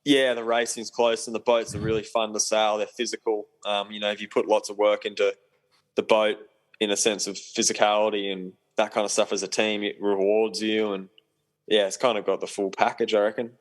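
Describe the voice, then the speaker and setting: This is a fairly low-pitched male voice with little pitch movement, coming through a rough recording. The speaker, a young adult professional sailor on a podcast as a guest, talks fairly quickly in a laid-back, rambling chat full of ums.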